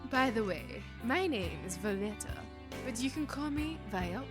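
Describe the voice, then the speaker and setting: A woman voicing a stern, matter-of-fact woman nurse in a game, speaking in an even, lowered tone. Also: music in the background, natural voice. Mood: businesslike. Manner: even, low-set measured tone.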